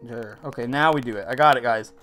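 A man giving casual gameplay commentary as a let's play host, joking and quick to outbursts. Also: medium pitch, pushed and bright, soft background music.

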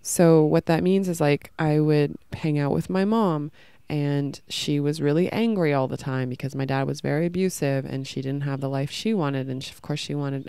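Woman, podcast host, rambling emotional storytelling, smooth voice, dry recording. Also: low-pitched, dark tone, no echo. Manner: emotional, rambling, many fillers. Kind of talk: personal storytelling.

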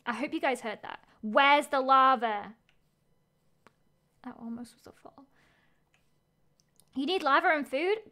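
A woman live-streaming a game, narrating her own moves with excitable energy. Her voice sits high and bright in pitch. She thinks out loud constantly, reacting to each twist as it comes. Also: normal speed, pauses often.

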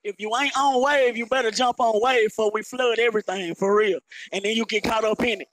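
A man who is a hip-hop artist, hoarse from performing, talking excitedly and boastfully in an interview at a festival venue. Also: high-pitched, brisk, no room sound, poor audio. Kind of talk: casual interview talk.

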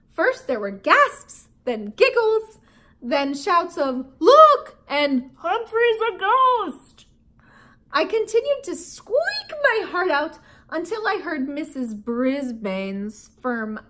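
A woman teacher reading a children's book aloud in an expressive storytelling manner. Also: high voice, takes it slowly.

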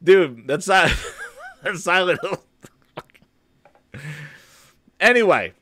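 A man's voice: sits high, expressive, slow pace, fairly bright tone, dry recording. A man hosting a gaming stream, rambling and sarcastic, with plenty of profanity. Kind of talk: casual gaming podcast rant. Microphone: studio-quality microphone.

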